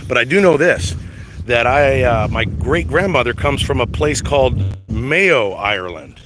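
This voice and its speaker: A man's voice: mid-range voice, measured pace. A middle-aged man from the United States hosting a casual livestream chat, rambling with stammered restarts and casual swearing. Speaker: livestream host reading chat. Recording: steady background noise.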